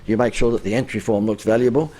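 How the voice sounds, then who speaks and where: A man's voice: mid-range voice, steady tone, quick pace, dark tone. A middle-aged Australian man, a business coach on a live stream, tells anecdotes and keeps asking cheeky rhetorical questions.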